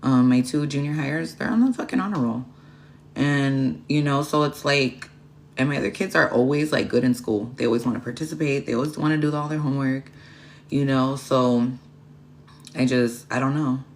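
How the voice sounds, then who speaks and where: A woman's voice: rumbling low, moderate pace. A woman streaming a tarot session chats casually and bluntly, swearing often. She rambles from point to point and breaks off to thank viewers by name. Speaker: tarot reader and livestream host. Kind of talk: casual livestream chat.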